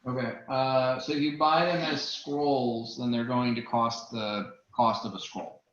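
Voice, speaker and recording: A man's voice: mid-range voice, fairly even intonation, a little slow, a bit bright. A man running a tabletop game as game master, hesitant, with many ums and uhs. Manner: hesitant, lots of uh and um. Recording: roomy, dull lo-fi sound.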